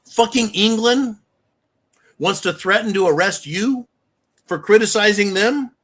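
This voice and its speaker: A man's voice: high-pitched, measured pace, fairly bright tone. A man hosting his own channel, delivering a heated, profane political rant. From United States. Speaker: channel host.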